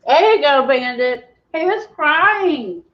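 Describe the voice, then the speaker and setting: A woman's voice: high voice, animated, takes it slowly, dull audio. A woman hosting a craft livestream, chatting casually, laughing often and reading the live chat.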